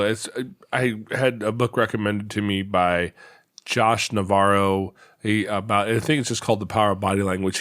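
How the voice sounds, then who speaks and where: A man's voice: fairly low pitch, fairly bright tone, no echo, clean studio sound. A man hosting an interview from his office, talking in a reflective, storytelling way and repeating words as he thinks. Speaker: podcast host. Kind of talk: conversational interview. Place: home office.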